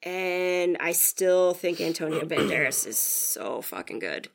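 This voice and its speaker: A woman's voice: lowish voice, expressive, a little slow, gravelly. A woman in casual podcast chat, enthusiastic and emphatic, with casual swearing.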